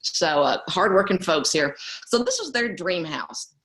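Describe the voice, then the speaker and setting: A middle-aged woman tells a family story in a casual interview. Her voice sits a little low for a woman. She is an animated storyteller who laughs often. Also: measured pace. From East Texas. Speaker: guest.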